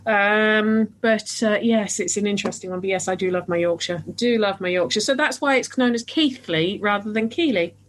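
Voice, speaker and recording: A woman hosts a podcast in a relaxed, chatty way. She trips over her own starts and fills the gaps with "um". Her voice sits at a middling pitch. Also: brisk, few pauses, a little hiss or hum. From northern England. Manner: chatty, many restarts and fillers. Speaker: podcast host. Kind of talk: casual chat.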